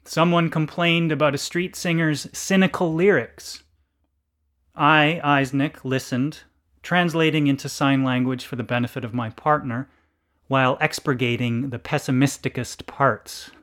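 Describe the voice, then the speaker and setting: A man reading a literary story aloud in a deliberate, deadpan narration. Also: mid-range voice.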